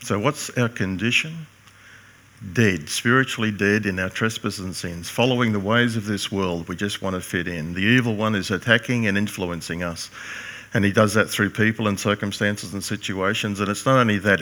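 Bright-voiced older male pastor preaching. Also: on the low side. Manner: earnest, emphatic preaching with rhetorical questions. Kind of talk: sermon.

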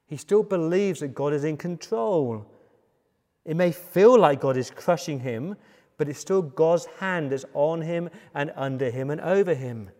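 A man's voice: on the high side, measured pace, warm tone, big-room sound. A man with an English accent preaching a sermon as pastor, emphatic and building through repeated phrases. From England. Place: church.

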